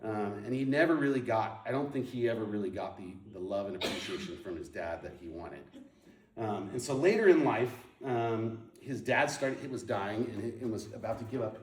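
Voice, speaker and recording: A man's voice: lowish voice, normal speed, distant mic, slight background noise. Man telling his story in a roomy hall. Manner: storytelling, animated, lots of ums and restarts. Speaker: speaker sharing his testimony. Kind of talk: personal testimony talk. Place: moved to Portland in the nineties.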